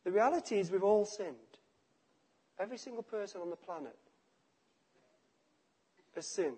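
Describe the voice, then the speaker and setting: A man preaching a sermon, emphatic and repetitive, letting his phrases fall quiet at the ends. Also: high voice, expressive, normal speed, slightly rough. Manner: emphatic, repeats phrases, drops to quiet endings.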